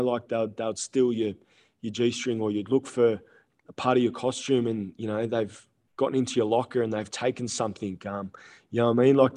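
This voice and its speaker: A young Australian man, a male stripper appearing as a podcast guest, chats casually and rambles with lots of fillers and restarts. His voice is mid-range and mellow.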